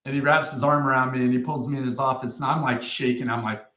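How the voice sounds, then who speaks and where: A man's voice: mid-range voice, steady tone, fast talker, sharp tone, roomy sound. A middle-aged man, a retired army sergeant, telling war stories as an interview guest in a blunt, profane way, full of fillers and restarts. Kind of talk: casual interview storytelling.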